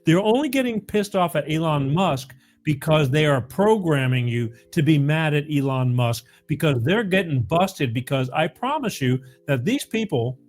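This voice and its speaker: A man's voice: on the high side, lively intonation, normal speed, few pauses, a little mellow. A man hosting his own opinion show, talking emphatically, stumbling over words and restarting. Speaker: podcast host. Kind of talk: opinionated political talk.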